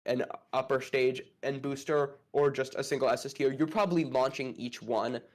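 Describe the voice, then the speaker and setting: Man, casual debater, medium pitch, thinks aloud, lots of ums and likes. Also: steady tone, normal speed. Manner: hedging, thinking aloud with many fillers.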